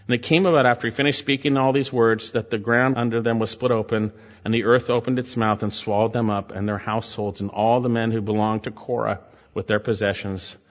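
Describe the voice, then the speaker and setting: A man's voice: medium pitch, steady tone, brisk. Preacher man exhorting in an echoing hall. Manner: exhorting, reads scripture aloud and comments. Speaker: pastor. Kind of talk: sermon with scripture reading. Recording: muffled sound in a reverberant hall.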